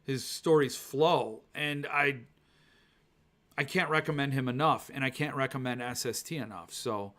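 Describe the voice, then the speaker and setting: A male podcast host ranting excitedly about books, swearing when annoyed and reading viewer comments aloud. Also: mid-range voice, unhurried. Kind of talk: ranting book-talk livestream.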